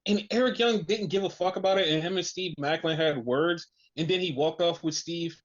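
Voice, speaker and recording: Excited profane wrestling podcast host. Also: medium pitch, brisk. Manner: excited, profane storytelling with many "like" fillers. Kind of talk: casual wrestling recap chat. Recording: dull lo-fi recording.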